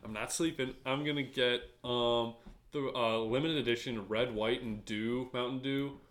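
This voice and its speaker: A man's voice: mid-range voice, steady tone, moderate pace, fairly bright tone. A young man co-hosting a podcast in a joking, rambling chat, full of "like". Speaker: podcast co-host. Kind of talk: casual chat.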